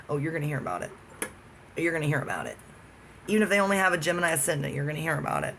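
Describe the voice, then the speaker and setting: A man holds forth in a loose solo monologue, swearing freely and hopping between subjects. His voice sits a little high for a man and carries a gravelly fry, with a slight hiss behind it. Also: animated, very fast, sharp tone. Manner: profane, jumping from topic to topic. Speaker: vlogger.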